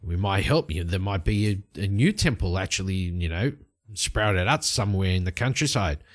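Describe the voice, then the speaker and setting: A man's voice: deep voice, expressive, normal speed. A man voicing a practical adventurer who speaks bluntly and matter-of-factly. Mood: helpful.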